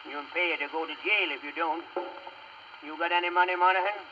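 A man's voice: a little high, steady tone, brisk, slight background noise, lightly acted. A man playing an impatient small-town judge with brusque, dry wisecracks, on a muffled old record.

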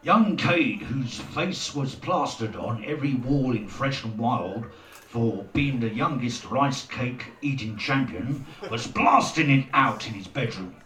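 Male narrator, unhurried and wry, comic story, bright tone, lively pitch. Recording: roomy echo, distant mic.

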